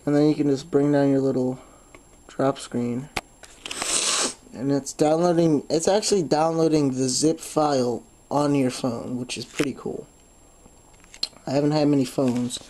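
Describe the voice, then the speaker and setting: Man hosting a casual phone how-to, mellow voice, stuffy nose, loose and rambling with fillers. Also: a little high, a little hiss or hum. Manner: rambling, lots of "um", swears when frustrated. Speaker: tutorial host. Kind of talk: casual screen-recorded phone tutorial.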